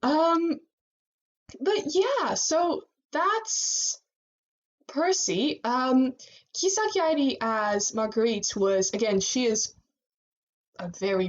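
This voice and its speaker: Animated woman chatting, muffled sound. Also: high voice. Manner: animated, laughs often, many fillers. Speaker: podcast co-host. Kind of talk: casual fan chat.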